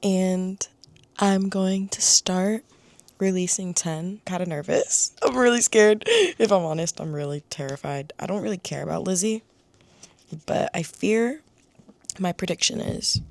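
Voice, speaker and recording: A young adult woman, chatting casually to camera as a book vlogger, emotional and quick to laugh, with thoughts that trail off. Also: fairly low pitch, a little mellow, dry recording. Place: home room.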